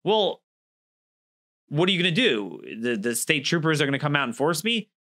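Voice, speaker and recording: A bright, fairly high-pitched man delivers an emphatic opinion monologue. He argues his points hard and acts out both sides of imagined exchanges. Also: sing-song, moderate pace. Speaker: political commentator.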